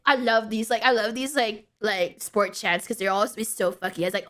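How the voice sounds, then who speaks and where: A woman's voice: a little high, steady tone, moderate pace, hardly any pauses, fairly bright tone. A young woman streaming from home, chatting casually and rambling, with playful chanting and casual swearing. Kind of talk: casual late-night stream chat.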